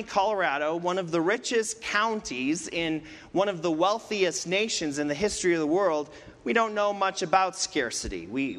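A middle-aged male pastor preaching a sermon, dramatic, with rhetorical questions and pauses. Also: high voice, a bit bright. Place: church sanctuary. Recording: long reverb of a church hall.

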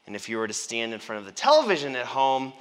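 A man's voice: mid-range voice, very animated, fast, a bit bright. A man preaching a sermon as pastor, conversational and playful, drawing the congregation in. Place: church sanctuary. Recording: long church reverb.

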